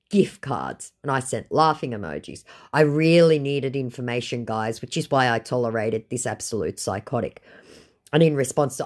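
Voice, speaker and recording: A woman telling the story of baiting a scammer, with sardonic, deadpan asides. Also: a bass voice, normal speed. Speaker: scam baiter recounting a chat. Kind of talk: storytelling vlog narration.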